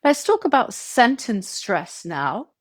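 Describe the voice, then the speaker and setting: A woman giving a scripted English pronunciation lesson, clear and measured, stretching example words to show stress. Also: fairly high pitch, big pitch swings, no echo, clean studio sound. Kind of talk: scripted tutorial narration.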